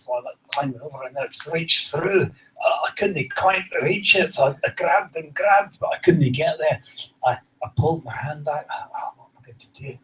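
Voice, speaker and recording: Comedian spinning a rambling tale. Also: male voice, a little high, slight background noise, poor audio. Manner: rambling, self-deprecating anecdote with dry understatement. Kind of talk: stand-up storytelling.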